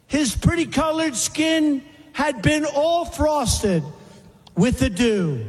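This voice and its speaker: A man addresses a crowd in a slow, emphatic, dramatic recitation, repeating phrases for weight. His voice sits very high for a man. Long reverb from a large hall follows him. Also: expressive. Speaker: speaker at a rally. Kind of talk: recited poem in a speech.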